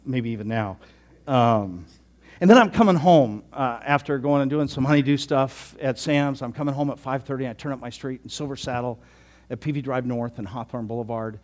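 A pastor in his sixties telling a story in a sermon, chatty, often repeating himself and dropping to a soft voice. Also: mid-range voice, brisk. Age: 60s. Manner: conversational, repeats words, drops to soft tones.

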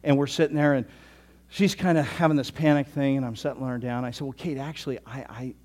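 A pastor in his sixties telling a story in a sermon, chatty, often repeating himself and dropping to a soft voice. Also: medium pitch, fairly even intonation, quick pace. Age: 60s. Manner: conversational, repeats words, drops to soft tones.

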